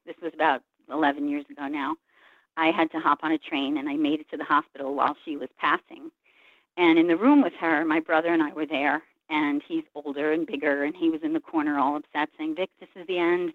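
A woman's voice: low voice, no echo. An earnest woman shares a long personal story as an interview guest, slipping into the voices of the people she describes. She comes through a tinny telephone line with no room sound around her. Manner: earnest, reflective, retells scenes by voicing others' words. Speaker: guest, Reiki practitioner.

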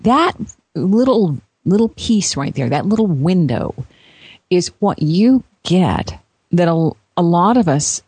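A woman's voice: fairly low pitch, big pitch swings, takes it slowly, a little mellow, husky, no room sound. A woman interviewer asking questions in a hesitant, effusive way, with frequent laughs and restarts. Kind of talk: conversational interview.

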